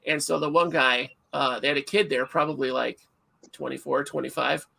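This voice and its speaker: A middle-aged man hosting a livestream, chatting casually and telling stories in an animated, self-mocking way. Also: mid-range voice, normal speed, creaky. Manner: animated storyteller, self-mocking, acts out shouts. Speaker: livestream host.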